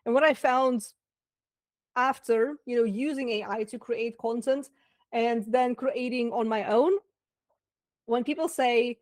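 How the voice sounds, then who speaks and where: Woman, Russian accent, business coach, chatty webinar talk, fairly high voice, dry close mic. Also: fairly even intonation, unhurried, long pauses, no room sound. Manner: chatty, lots of fillers and asides.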